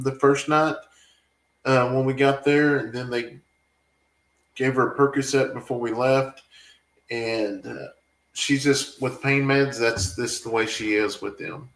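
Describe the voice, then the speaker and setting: Farm vlogger, man, emotional and rambling, reading viewer chat in an echoey room. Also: mid-range voice. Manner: rambling, emotional, talks back to viewer comments. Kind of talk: casual live-stream chat.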